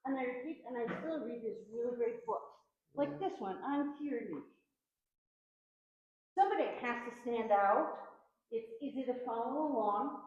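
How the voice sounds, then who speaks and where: A woman's voice: a little high, normal speed, long pauses, darkish tone. A woman precinct organizer giving an earnest, heated speech at a town hall, her voice shaky with nerves. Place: community center hall. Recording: very echoey, dull hall sound.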